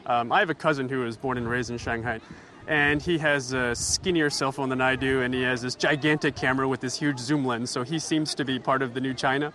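A man's voice: medium pitch, fairly even intonation, a little fast, sharp tone. A man reporting on location from outdoors at a busy expo for the radio, giving wry, analytical commentary.

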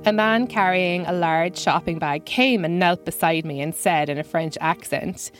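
A woman's voice: lowish voice, moderate pace, hardly any pauses, soft background music. A woman comedian telling a first-person comic story in a dry, self-deprecating way.

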